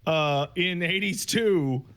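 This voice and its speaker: A man co-hosting a podcast in casual chat, animated and joking, often laughing. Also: high-pitched, slow pace, clean tone, no room sound. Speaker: podcast co-host.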